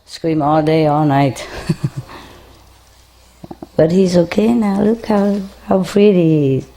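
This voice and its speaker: Woman, unhurried, low voice, gentle coaxing tone, chuckles. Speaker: spiritual teacher speaking to a group. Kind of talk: casual talk to an audience and a pet bird.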